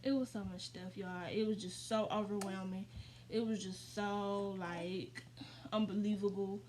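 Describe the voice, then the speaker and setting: A woman's voice: mid-range voice, fairly even intonation, unhurried, darkish tone, slight background noise. A woman in her twenties telling a personal story in a casual, rambling way, full of fillers and calling her viewers y'all. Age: 20s. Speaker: vlogger.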